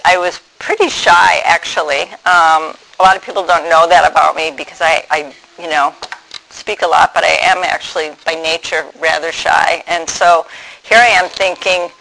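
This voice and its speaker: A man telling his personal testimony in a reflective way, pausing often with ums and restarts. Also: fairly high pitch, creaky, pushed and bright, low-quality recording. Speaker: speaker sharing his faith story.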